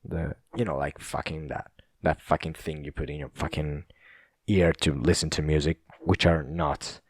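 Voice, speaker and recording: A man's voice: a bass voice, flat delivery, normal speed, no room sound, studio quality. A young Italian man with an Italian accent hosting a casual solo podcast, rambling, chuckling and swearing loosely. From Italy. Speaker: podcast host.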